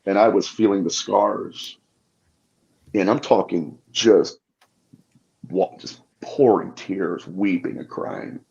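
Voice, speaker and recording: Male guest, low voice, passionate storyteller, muffled recording. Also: fairly even intonation, takes it slowly, vocal fry, pauses often, darkish tone. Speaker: guest demonologist. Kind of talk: podcast interview anecdotes. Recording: dull lo-fi audio.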